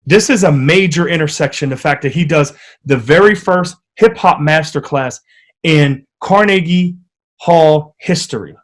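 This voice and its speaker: A man from the United States, a podcast guest telling stories in a lively, animated way during a casual interview. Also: fairly high pitch, unhurried. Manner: animated, vivid storyteller.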